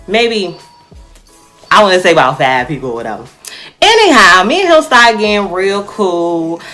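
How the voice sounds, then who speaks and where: A young woman telling a personal story to her viewers in a casual, animated way, often calling them y'all. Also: lowish voice.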